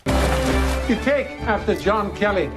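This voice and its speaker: High-voiced grim villager, film clip over loud score. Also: male voice, animated, takes it slowly, over loud music. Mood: ominous.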